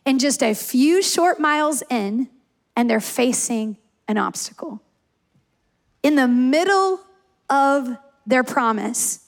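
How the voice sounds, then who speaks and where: A woman pastor preaching a sermon, telling personal stories and repeating key lines for emphasis. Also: high-pitched. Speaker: campus pastor.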